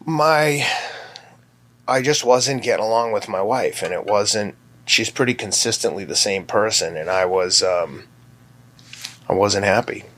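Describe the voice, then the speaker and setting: A man in his fifties, a guest, talking candidly and telling personal stories, sometimes acting out his own shouting. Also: measured pace. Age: 50s. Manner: acts out his own past yelling in sharp high bursts. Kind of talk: candid conversational storytelling.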